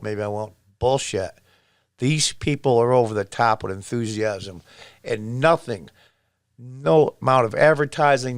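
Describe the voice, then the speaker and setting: A man's voice: mid-range voice, no room sound, studio quality. A man in his sixties from upstate New York gives emphatic casual political commentary, repeating himself as he reacts to footage. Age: 60s. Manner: emphatic, repetitive, exclaims over footage.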